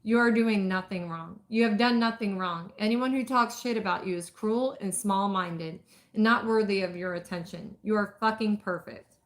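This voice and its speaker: A woman voicing a steady, protective older man in a romance audiobook reading, speaking in a low, firm murmur. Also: normal speed, lightly acted. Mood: tender.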